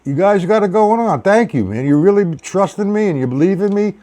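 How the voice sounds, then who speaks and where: A man's voice: high voice, expressive, fairly quick, dark tone. A man teaching a live-streamed drum lesson, patiently explaining strokes and counting beats aloud, and encouraging viewers by name.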